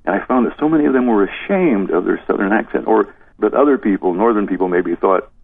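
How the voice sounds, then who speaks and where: Gravelly low-voiced older man on phone. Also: expressive, fast, dry recording. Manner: rambling, chuckling storyteller. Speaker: former disc jockey. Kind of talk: reminiscing interview. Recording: dry tinny phone line.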